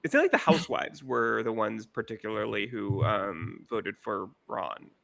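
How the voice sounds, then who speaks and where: A man hosting a casual podcast chat, talking in halting bursts with many fillers. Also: on the low side, animated, vocal fry, a bit bright. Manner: hesitant, lots of likes and restarts.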